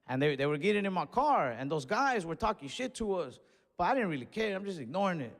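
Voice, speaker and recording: Animated young comedian, reverberant stage. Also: male voice, high voice, fast. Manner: animated, acts out other voices, profane and loose. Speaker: stand-up comedian. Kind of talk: stand-up storytelling. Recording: long hall reverb on stage.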